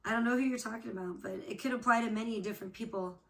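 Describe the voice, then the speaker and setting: A woman's voice: on the high side, rapid-fire. A woman hosting a casual livestream chat off camera, rambling to her viewers, swearing freely and trailing off with "I don't know.". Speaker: livestream host. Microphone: off camera, not seen.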